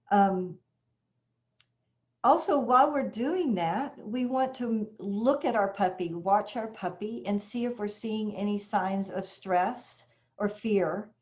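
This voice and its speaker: A woman's voice: medium pitch, warm tone. A woman dog trainer teaching an online puppy class in a chatty way, explaining with everyday examples. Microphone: video call. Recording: dull lo-fi video call audio.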